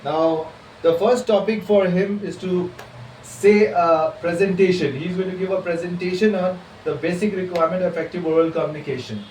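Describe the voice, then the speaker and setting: A man's voice: high voice, fairly even intonation, normal speed, darkish tone. English trainer guy, upbeat, talks to viewers, sounds far away in a roomy echo. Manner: upbeat, addresses viewers directly. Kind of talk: introducing a class video. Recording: echoey room, far from mic, faint hiss.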